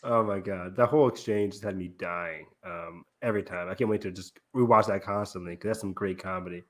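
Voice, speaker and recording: A man's voice: sits low, brisk. Laughing man hosting a film chat. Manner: laughing, animated scene retelling with many fillers. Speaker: podcast host. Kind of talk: casual film review chat.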